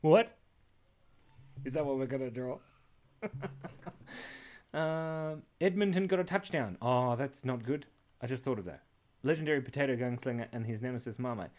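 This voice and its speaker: A man's voice: medium pitch, normal speed, long pauses, a little mellow. A man hosting a live drawing stream, chatting casually in a playful, rambling way and often breaking off mid-word. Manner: rambling, playful, jumps between random thoughts. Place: indoors at his computer.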